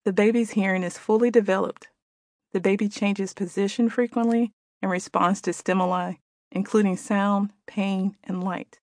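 Gentle woman reading her own book aloud. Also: medium pitch, steady tone, moderate pace, dry recording. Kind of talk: audiobook narration.

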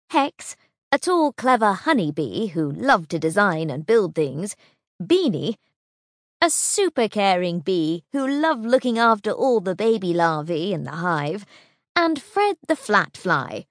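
A woman narrating a children's storybook audiobook in an expressive, storytelling manner. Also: mid-range voice, no echo, studio quality.

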